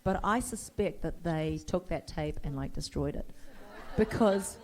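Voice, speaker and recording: A woman's voice: on the low side, measured pace, darkish tone, a little hiss or hum. A middle-aged woman telling rambling, playful anecdotes as a guest on a convention stage, laughing often as she talks.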